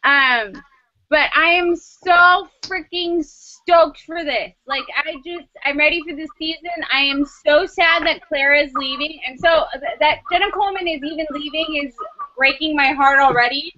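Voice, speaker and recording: Super high-pitched lady on a podcast, bright and gushy, muffled lo-fi audio. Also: measured pace. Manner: gushing, excitable. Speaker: podcast co-host. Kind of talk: casual panel chat. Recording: dull lo-fi sound.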